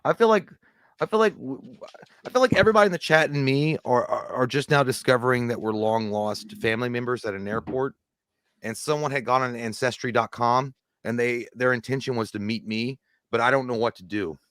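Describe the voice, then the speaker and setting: A man's voice: mid-range voice, a little fast, fairly bright tone, no echo, studio quality. A man co-hosting a livestream, rambling casually about movies, swearing and laughing often. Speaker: co-host.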